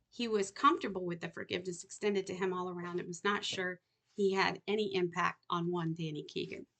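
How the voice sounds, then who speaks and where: A woman author reading her novel aloud in an earnest, unhurried way. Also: medium pitch, fairly bright tone. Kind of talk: audiobook narration.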